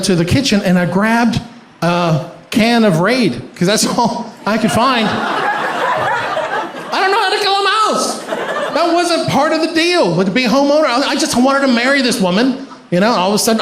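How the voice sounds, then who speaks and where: A male stand-up comedian telling a story on stage in an animated way, laughing as he goes. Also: very high-pitched. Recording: echoey room with ambient noise.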